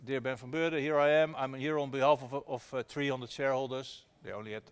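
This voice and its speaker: Man, mid-pitched, earnest guest storyteller, keeps restarting phrases. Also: fairly even intonation, fast talker, smooth. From Netherlands. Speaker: activist investor guest. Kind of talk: storytelling conversation at a public talk.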